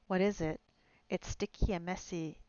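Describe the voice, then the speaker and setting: A woman's voice: fairly low pitch, fairly even intonation, moderate pace, warm tone, no echo, highs cut off, natural voice. A woman reading aloud and voicing a squeamish young girl with a whiny, disgusted manner.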